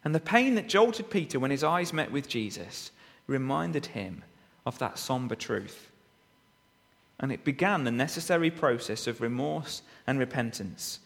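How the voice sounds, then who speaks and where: A man delivers an expository sermon, his voice pitched a little high and moving lively up and down. He reads scripture and presses points home with rhetorical questions. A long reverb of a church hall trails each phrase. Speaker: preacher.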